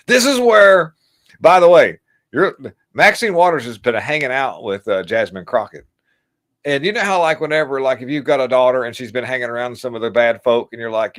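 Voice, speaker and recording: A man's voice: medium pitch, a bit bright. A man hosting a casual political livestream, rambling and mocking in a crude way and laughing at his own jokes. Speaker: livestream host.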